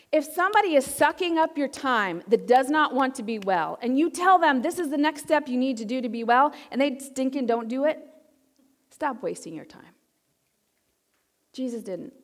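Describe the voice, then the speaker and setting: High-voiced woman preaching in a reverberant hall. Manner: impassioned, swings from loud urging to hushed intimacy. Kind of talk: sermon.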